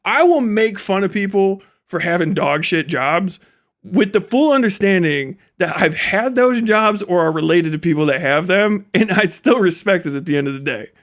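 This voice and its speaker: High-voiced man ranting on a livestream. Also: moderate pace. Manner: profane, laughing, animated storytelling. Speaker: livestream host. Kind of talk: casual livestream rant.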